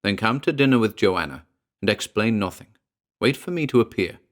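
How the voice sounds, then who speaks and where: A man's voice: fairly low pitch, lively intonation, normal speed, close to an everyday voice. Man voicing a proud old talking cat. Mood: grave. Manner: grave, formal, commanding. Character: old, large talking male cat, proud and dignified father.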